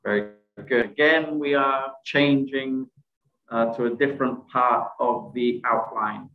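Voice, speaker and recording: A man's voice: medium pitch, steady tone, unhurried. A man teaching a presentation skills workshop over a video call, quizzing participants and praising their answers. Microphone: video call microphone. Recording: echoey, dull video call audio.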